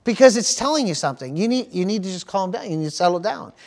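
Man, pastor, sermon, high voice, repetitive, praise interjections. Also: lively intonation, fast talker, a little mellow. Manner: repeats himself, interjects praise.

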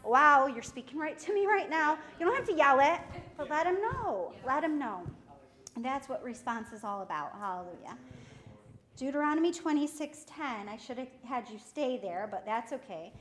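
A middle-aged woman preaching a sermon in a lively way, laughing often and acting out what people say. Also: sits high, moderate pace. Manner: lively, laughs often, acts out quoted speech.

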